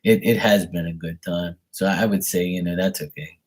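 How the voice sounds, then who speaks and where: A man's voice: deep voice, fairly even intonation, normal speed, a little mellow. A man chatting casually on a live stream, giving tarot readings for viewers' paid questions. He rambles loosely and bluntly, swears freely, and leans on fillers and restarts.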